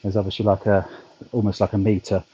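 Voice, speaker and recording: A man's voice: lowish voice, little pitch movement, quick pace, dark tone, breathy edge, no room sound, lo-fi sound. Rambling British man chatting mid-ride. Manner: rambling, many ums, dry humour. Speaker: vlogger cycling on a turbo trainer. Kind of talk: casual chat to a livestream. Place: home, back garden.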